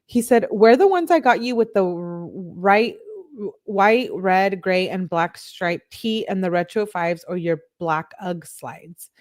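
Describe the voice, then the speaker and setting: A young woman reads text messages aloud in a casual commentary style, breaking off with incredulous asides. Her pitch sits in an ordinary middle range for a woman. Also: slow. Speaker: true crime commentator.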